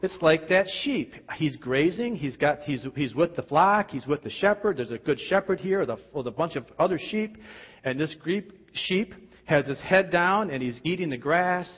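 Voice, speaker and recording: A man preaching a sermon, asking emphatic rhetorical questions and dropping at times to quiet, intense tones. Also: animated, moderate pace, slightly rough. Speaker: pastor. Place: church. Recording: dull, boomy hall sound.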